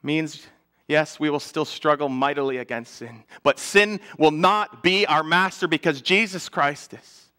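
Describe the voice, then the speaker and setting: Pastor, male, earnest sermon voice, bright and somewhat high, swells then hushes. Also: unhurried. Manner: earnest preaching, swelling louder then dropping to a hush. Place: church.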